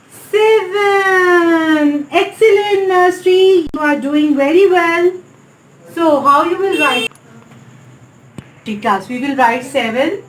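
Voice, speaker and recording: A woman with a Pakistani English accent teaching a nursery maths lesson in a slow, sing-song way, repeatedly calling on the class. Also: sits high, a bit bright, roomy sound, a little hiss or hum, low-quality recording. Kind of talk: recorded online maths lesson for small children.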